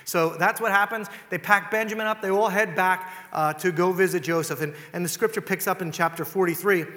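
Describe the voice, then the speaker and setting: A man's voice: high-pitched, steady tone, a little fast, sharp tone. Guy preaching, chatty storytelling sermon, voice echoing long in a big church hall. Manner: conversational, retells scripture in his own casual words. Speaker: pastor.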